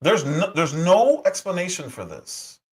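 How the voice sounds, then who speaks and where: A man's voice: on the high side, very animated, a little slow, darkish tone, slightly rough. A middle-aged man reacting to a clip on a livestream, sarcastic and indignant, with mocking asides. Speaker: livestream commentator. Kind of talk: reaction commentary.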